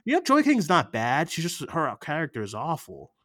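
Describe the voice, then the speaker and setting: A man co-hosting a film podcast in casual chat, animated and swearing, acting out movie lines between bursts of laughter. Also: on the high side, normal speed, no room sound, clean studio sound. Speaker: podcast co-host.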